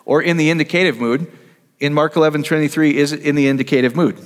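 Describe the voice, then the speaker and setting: A man's voice: on the high side, steady tone, fast talker. Man preaching in a reverberant hall. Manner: conversational, asks the audience questions, trails off and restarts. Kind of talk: casual teaching sermon.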